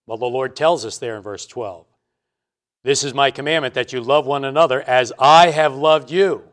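A man's voice: mid-range voice, normal speed, a bit bright. Male preacher, teaching sermon, emphatic, repeats points for a congregation. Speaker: pastor. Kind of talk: expository Bible sermon.

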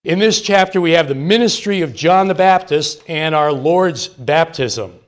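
A man leading a Bible lesson with a slightly higher-than-usual voice. He talks in a measured, deliberate way and keeps a reverent tone. He walks through the text step by step. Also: lively intonation. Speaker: Bible teacher. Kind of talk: scripture reading and Bible study teaching.

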